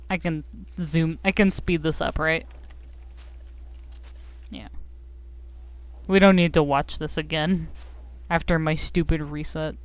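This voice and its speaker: Give me a giggly, slow-talking woman streamer. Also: lowish voice, no echo. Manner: giggly, self-mocking, rambling. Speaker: game streamer. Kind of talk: casual live-stream chat.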